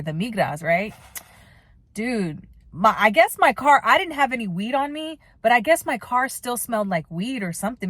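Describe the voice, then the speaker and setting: Young woman ranting casually, swears a lot, rambles, mid pitch, super dry close mic. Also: dry recording. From United States. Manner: candid, swears freely, rambling. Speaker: vlogger. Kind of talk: casual storytelling vlog.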